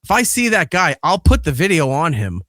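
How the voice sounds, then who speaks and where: The speaker is a podcast host and father whose slightly high voice moves briskly through a profane, animated story, performing the quoted lines. The sound is studio quality with no room sound.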